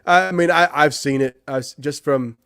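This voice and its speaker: A man's voice: fairly high pitch, normal speed, a bit bright, clean tone, dry recording, clean studio sound. Chatty man reviewing a movie. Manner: rambling, many restarts and "you know". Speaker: podcast co-host, movie reviewer. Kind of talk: casual chat.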